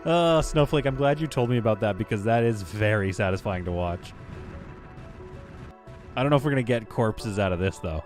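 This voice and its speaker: A man with a lowish voice talks through a live game stream in a loose, chatty way. He laughs often and reads out viewer comments as he plays. Faint music runs under his voice. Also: normal speed.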